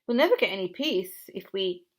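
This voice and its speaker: A woman's voice: medium pitch, lively intonation, normal speed, lightly acted. A woman doing a bold, urgent Mister Fox. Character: clever, determined father fox.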